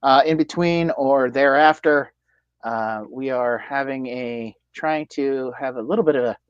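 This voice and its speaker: Halting American man hosting a livestream. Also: medium pitch, smooth, no echo, dull audio. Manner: halting, many fillers and restarts. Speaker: livestream co-host. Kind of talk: casual livestream chat.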